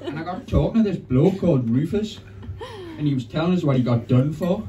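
A male stand-up comedian, telling a story on a club stage with a punchy, animated delivery. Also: mid-range voice, brisk, dull audio, a little hiss or hum. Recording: distant live club sound with audience.

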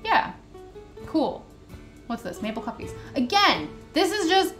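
A woman with a slightly high voice gives casual, sarcastic commentary as she reads through recipes. She sounds indignant and calls out what she doesn't believe. Soft guitar music plays faintly behind her. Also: sing-song, a little slow, long pauses. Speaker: vlogger. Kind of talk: casual chat while reading a recipe list. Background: soft background music.

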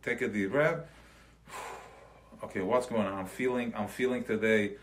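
A man's voice: fairly low pitch, fairly even intonation, moderate pace. Conversational man teaching a class. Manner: loose and conversational, mixing in Yiddish terms; checks in with listeners, acts out everyday examples. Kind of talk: live recorded Chassidic class.

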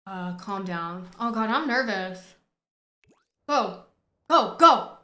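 Bright excitable woman gaming. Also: mid-range voice, slow pace, roomy sound. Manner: excitable, swears often, bursts of laughter. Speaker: gaming streamer. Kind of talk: casual gameplay commentary. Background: faint game music.

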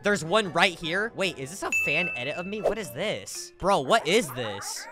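A man giving let's-play gaming commentary, excitable, yelping and shouting at the game and then mumbling. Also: on the high side, moderate pace. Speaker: gaming YouTuber. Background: background music.

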